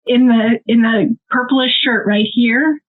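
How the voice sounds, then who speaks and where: A woman's voice: fairly high pitch, a little slow. Middle-aged Midwestern American woman telling a story over a tinny line. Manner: animated storyteller, laughing through her story. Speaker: nonprofit co-founder; guest. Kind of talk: emotional storytelling. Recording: tinny phone-like call audio.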